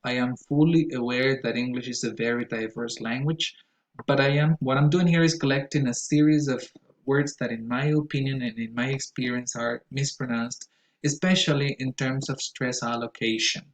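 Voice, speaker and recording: A man's voice: medium pitch, steady tone, moderate pace, poor audio. A man whose first language is Spanish lectures his students on English word stress. He explains carefully, with plenty of "uh" and "um" between phrases. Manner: careful, explanatory, with frequent "uh" fillers. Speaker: English pronunciation teacher.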